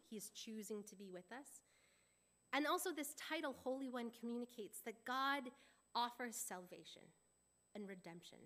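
A woman pastor preaching with a bright, forceful voice pitched a little high. She walks through scripture in an earnest, expository way, reading verses aloud as she teaches. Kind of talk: sermon.

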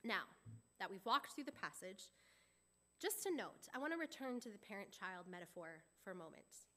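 A woman's voice: medium pitch, very animated, normal speed, a bit bright. A woman pastor preaching a sermon, explaining scripture in an earnest, expository way and reading verses aloud.

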